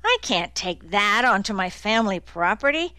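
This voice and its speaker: A woman's voice: medium pitch, big pitch swings, normal speed, dry recording. A woman reading the lines of a tense young man on the run who snaps and sounds anxious. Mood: tense, snapping. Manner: sharp, snapping, anxious.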